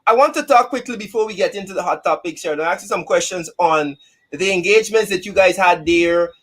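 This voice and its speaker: A man's voice: high voice, brisk, a bit bright. A man hosting a casual live-stream talk show, chatting and greeting viewers by name.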